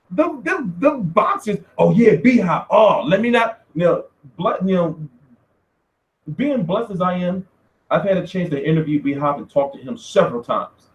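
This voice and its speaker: A high-voiced man talks in casual, profane slang, laughing as he tells stories for a boxing vlog. His pitch swings widely. The room gives his voice a hollow echo. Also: unhurried. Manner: animated, laughing, slangy storytelling. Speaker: boxing media vlogger. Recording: roomy echo.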